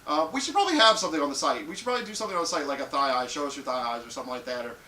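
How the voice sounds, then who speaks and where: A man hosting a live show, giving crude, frank advice to viewers and acting out loud little scenes. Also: on the high side, expressive, rapid-fire, distant mic. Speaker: live show host answering viewer questions. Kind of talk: casual live-stream advice talk. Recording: echoey room, off-mic, faint hiss.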